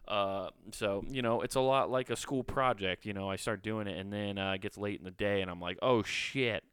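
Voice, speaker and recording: A man talks through his podcast in a loose, rambling way, full of swearing and "uh"s. His voice is low and smooth. The sound is dry and close, with no room echo. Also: fairly even intonation, brisk, a bit bright. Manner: rambling, profane, lots of fillers. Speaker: podcast host. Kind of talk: casual solo podcast chat.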